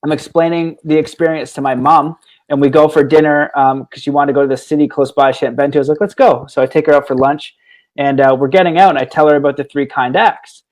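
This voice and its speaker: A man's voice: on the high side, quick pace, poor audio. A man telling a long story as a guest in a casual conversation, rambling through restarts and laughing as he goes. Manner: rambling, with many restarts and "he's like" asides; animated, laughs while telling stories. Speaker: guest on a talk stream.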